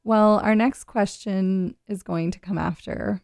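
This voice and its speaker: Brief: woman radio host, chatty and rambling, some vocal fry, dry close sound. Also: medium pitch, steady tone, unhurried, darkish tone, no room sound. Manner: chatty, rambling, laughs often. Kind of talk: casual radio chat.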